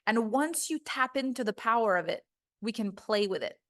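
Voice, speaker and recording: A woman's voice: a little high, animated, normal speed. A woman voice coach giving a recorded course lesson, talking emphatically and acting out quoted voices.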